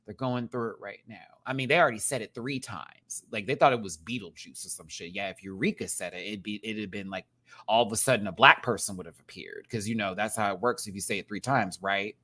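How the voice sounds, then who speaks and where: A man reviewing a drag competition show in a casual, campy rant, laughing often and swinging between loud outbursts and quiet asides. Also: fast talker. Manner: big jumps in pitch and loudness. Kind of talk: casual commentary.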